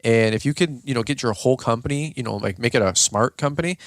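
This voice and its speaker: A tired man co-hosts a casual podcast and talks quickly. He rambles with plenty of fillers and restarts. The sound is close and dry, with no room sound. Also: mid-range voice, no room sound. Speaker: podcast co-host, lawn care business owner.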